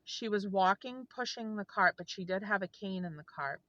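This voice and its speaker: A woman's voice: mid-range voice, lively intonation, normal speed, fairly bright tone, no room sound, highs cut off. A woman vlogger telling a heartfelt story to her viewers in an earnest, rambling way. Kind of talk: casual storytelling to camera.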